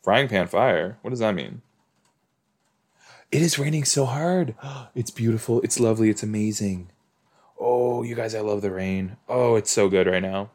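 A man's voice: fairly low pitch, moderate pace, a little mellow. A man hosting a podcast, reacting aloud with gushing exclamations and laughs while watching a TV episode. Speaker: podcast host.

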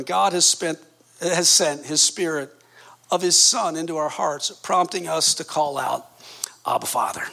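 Gravelly, bright-voiced preacher in his fifties. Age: 50s. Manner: passionate, swings from low intimate tones to shouted exclamations. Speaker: pastor. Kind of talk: sermon.

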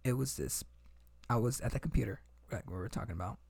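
A man's voice: mid-range voice, fast, creaky, darkish tone, slightly rough. A young man hosting a podcast, telling a story in casual chat with lots of fillers, restarts and swearing. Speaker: podcast host.

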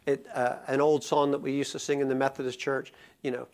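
A man preaching a sermon. He talks casually with many fillers, then builds to slow, impassioned emphasis. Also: medium pitch. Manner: conversational, rising to impassioned emphasis; many fillers and restarts in the calmer parts. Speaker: pastor.

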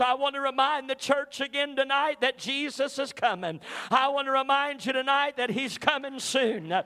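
High, bright-voiced preacher man, shouting. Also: smooth. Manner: punctuates lines with "uh", "amen" and "hallelujah", swells to shouting. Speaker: pastor. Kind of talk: fiery revival sermon. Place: church service.

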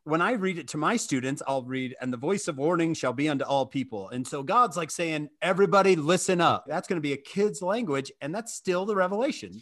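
A man hosts a podcast and speaks in a slightly high voice. He teaches scripture and tells stories, acting out the quoted lines as he goes. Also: animated, fairly quick, hardly any pauses, fairly bright tone. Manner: storytelling, acts out quotes. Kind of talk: podcast conversation.

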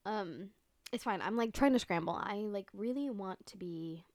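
Young woman, podcast host, rambling casual chat, lots of fillers, swears, sometimes whispers, mid pitch, close dry mic. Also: normal speed, no echo. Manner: drops to soft whispers at times. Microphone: close microphone.

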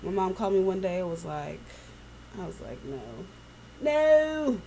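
A woman co-hosting a casual chat, telling stories in an animated, profane way. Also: lowish voice, brisk, creaky, a little hiss or hum. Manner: animated storytelling, swearing freely.

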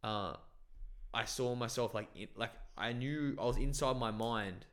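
A man's voice: medium pitch, unhurried, a bit bright. A young man from Bangladesh telling a long, rambling story in casual chat, swearing and filling with "like" and "bro". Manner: rambling, profane storytelling with many fillers.

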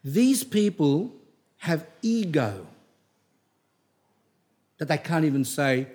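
A middle-aged man with a somewhat high-pitched voice delivers a spoken religious talk. He tells stories in a loose, digressive way and often starts a sentence over. When he scolds, he becomes blunt and emphatic. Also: animated, normal speed, pauses often, a little mellow. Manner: digressive, anecdotal, with frequent restarts. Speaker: religious teacher giving a talk.

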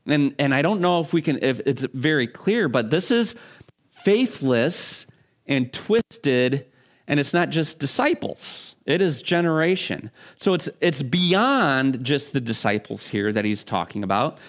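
A man preaching a sermon as a pastor, talking in a conversational, halting way with frequent restarts. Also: a little high, expressive, fairly bright tone.

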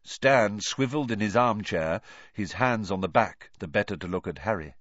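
A man's voice: on the low side, normal speed, a bit bright, no echo. A man narrating a story aloud as an audiobook reader, on a dull lo-fi recording. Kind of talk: scripted narration.

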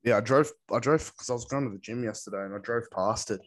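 A man's voice: mid-range voice, quick pace. An Australian man bantering in casual chat, laughing often and swearing as a co-host. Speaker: podcast co-host.

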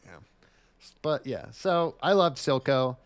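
A man's voice: mid-range voice, lively intonation, slow, no room sound. A man co-hosting a casual podcast, rambling enthusiastically and swearing often. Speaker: podcast co-host.

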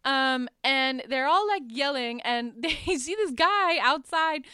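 A woman's voice: high voice, expressive, slow, sharp tone, no room sound, studio quality. A young woman, chatting casually as a podcast host as she recaps a horror film, full of "like" and little laughs. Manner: chatty, lots of "like" and laughs, acts out quotes.

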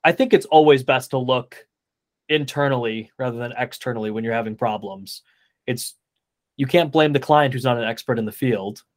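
A man hosting a podcast on eyewear, talking in a relaxed, frank and agreeable way. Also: mid-range voice, moderate pace. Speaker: podcast host, optician. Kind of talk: casual podcast conversation.

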